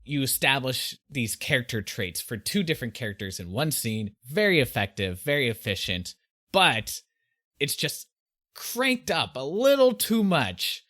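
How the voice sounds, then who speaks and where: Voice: medium pitch, sing-song, measured pace, a bit bright. Exasperated podcast co-host chatting. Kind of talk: casual chat.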